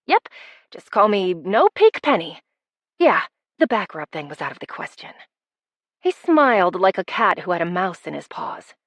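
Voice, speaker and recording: A woman narrating a first-person romance audiobook with wry, expressive delivery. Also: fairly low pitch, normal speed, dry recording.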